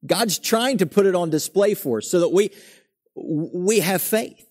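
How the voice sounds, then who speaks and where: A young man delivers a sermon in a slightly high voice. He talks earnestly, swinging from emphatic, climbing lines down to hushed, quiet points. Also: lively intonation, measured pace. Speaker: preacher.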